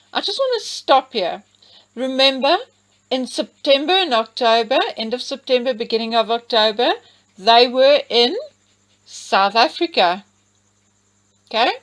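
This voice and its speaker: A woman reads legal text aloud at a slow, deliberate pace. Her voice sits a little high. She often stops to talk straight to her listeners and stress a point. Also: fairly bright tone, rough recording. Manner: emphatic asides to listeners. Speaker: commentator reading a legal document. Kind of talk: reading aloud with commentary.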